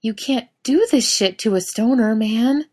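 A woman voicing a frightened young male stoner who curses and yelps in a shrill, breathless way. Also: a little slow, a little mellow. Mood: shocked.

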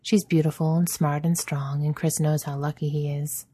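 A woman narrating a story in a soft, even storytelling manner. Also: low voice, moderate pace, slightly rough. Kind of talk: audiobook narration.

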